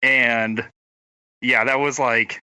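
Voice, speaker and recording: A man's voice: mid-range voice, level tone, drawn-out words, bright, forceful tone, clean tone, no room sound, low-quality recording. A young man with a rural Oklahoma accent, telling a rambling story and acting out what people said, in a casual chat with his brothers. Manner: rambling storyteller, acts out quotes. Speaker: podcast co-host, brother.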